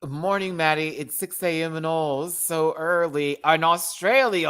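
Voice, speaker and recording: A man's voice: on the high side, measured pace, few pauses, clean tone. An American man hosting his own channel, reviewing a show in a casual live-stream rant, sassy and jokey. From United States. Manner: animated, sassy, jokey, with laughs.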